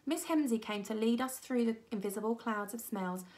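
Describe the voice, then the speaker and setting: A woman reading a children's novel aloud at a primary school with expressive storytelling. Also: brisk. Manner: expressive storytelling, voicing children with raised pitch. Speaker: reader.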